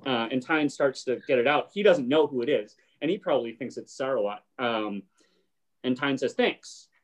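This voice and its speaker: A man's voice: mid-range voice, moderate pace. A man hosting a casual chat and retelling a show scene, briefly acting out the characters' lines. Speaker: podcast host.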